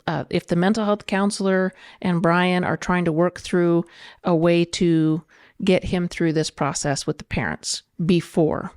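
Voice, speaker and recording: A middle-aged woman, a podcast guest, arguing her position in an earnest, measured way. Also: lowish voice, fairly even intonation, darkish tone, clean tone, no echo, studio quality. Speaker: guest, political candidate. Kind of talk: debate in a podcast interview.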